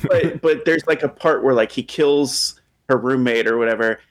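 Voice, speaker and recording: A man casually chatting on a podcast, animated and mocking scenes with quick put-on quotes. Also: mid-range voice. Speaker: podcast co-host. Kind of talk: casual chat.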